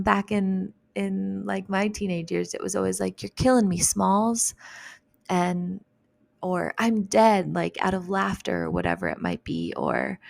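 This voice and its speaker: Gravelly-voiced woman podcast host. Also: mid-range voice, no room sound. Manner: gentle, reflective, casual with fillers like "like" and "you know". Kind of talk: solo self-help podcast talk.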